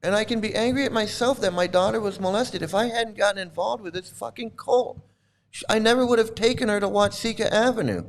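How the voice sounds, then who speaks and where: A man's voice: high voice, a little fast. A middle-aged man delivering a furious, repetitive monologue to camera, swearing and bitter. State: angry, voice breaking at times. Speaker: channel host, cult critic.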